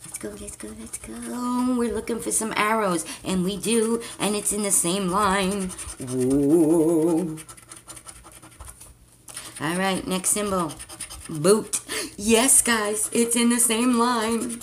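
A woman's voice: medium pitch, a little slow, slight background noise. A woman chatting casually to her viewers as she plays a scratch-off card, with mild cursing. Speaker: vlogger.

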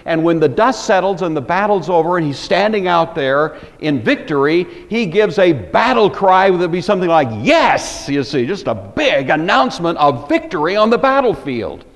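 A man's voice: high voice, normal speed, few pauses. Guy teaching a bible class, voice swings up and down a lot, hall echo behind him. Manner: animated, emphatic storytelling. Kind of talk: Bible lecture.

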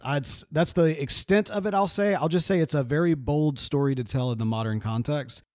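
A man in his thirties from the American South talks in a casual, heartfelt monologue. His voice sits a little high, and the recording is dry and close. He is emotional and rambles with asides. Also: very animated, moderate pace, no room sound. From Southern US, grew up in Mississippi. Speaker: video creator reacting to a cartoon episode.

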